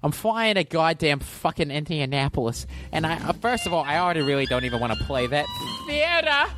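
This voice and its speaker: A man's voice: on the high side, very animated, a little fast, over music. A man doing an impression of a male comedian, ranting angrily with constant swearing. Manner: angry profane ranting, heavy swearing.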